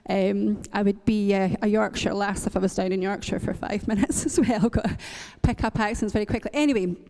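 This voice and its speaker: A woman's voice: mid-range voice, fairly even intonation, a little fast, dark tone, big-room sound. A woman from Northern Ireland preaching a sermon, earnest and encouraging, repeating lines for emphasis. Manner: earnest, encouraging, with light laughs and repetition for emphasis.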